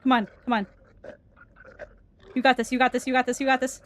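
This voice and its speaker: A woman's voice: high voice, level tone, brisk, pauses often, no echo. A woman streamer giving let's-play commentary on a horror game, jumpy and scared, swearing and laughing nervously.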